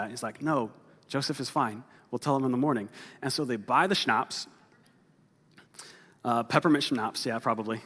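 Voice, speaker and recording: Pastor man joking through a sermon. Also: medium pitch. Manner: animated, jokey storyteller acting out voices. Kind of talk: sermon with humorous storytelling. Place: church sanctuary. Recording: long hall reverb.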